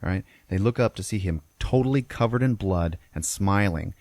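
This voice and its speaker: A man's voice: low voice, animated, fairly quick, a little mellow, no room sound. A man hosting a podcast, recapping a film in a casual, profane way and checking in with "okay?" after nearly every beat. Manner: profane, peppers lines with "okay?". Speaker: podcast host.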